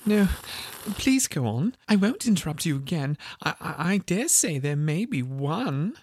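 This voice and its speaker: A man's voice: fairly high pitch, very animated, unhurried, a little mellow, breathy edge, no echo, clean studio sound, voice pushed up, full character voice. A man voicing Alice, a polite, curious young girl, in a storybook reading, with an earnest, puzzled manner.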